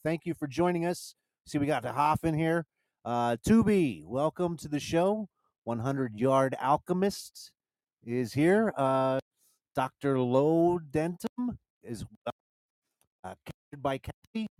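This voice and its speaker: A man's voice: a little high, expressive, slow, darkish tone, no echo, rough recording. A man hosting a casual live podcast, rambling with many restarts and easy laughter. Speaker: podcast host. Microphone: handheld mic.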